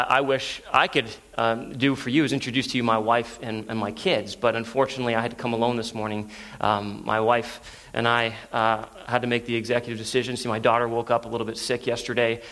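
A man's voice: medium pitch, a bit bright. A man in his thirties preaching as a guest, earnest and storytelling, with frequent restarts. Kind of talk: sermon.

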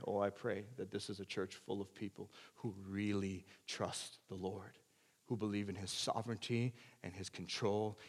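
A male pastor delivering a sermon, swinging between loud emphatic preaching and quiet earnest asides, in a church sanctuary. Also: lowish voice. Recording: long church hall reverb.

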